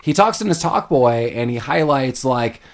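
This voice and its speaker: A man hosting a podcast, retelling movie scenes in a casual, animated way and dropping into quick character voices. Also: mid-range voice. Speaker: podcast host.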